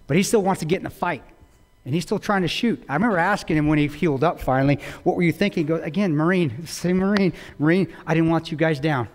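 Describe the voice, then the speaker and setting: A man's voice: on the high side, fast. A man giving a public talk, retelling a story intensely with quoted dialogue. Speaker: guest speaker. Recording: long reverb of a large hall.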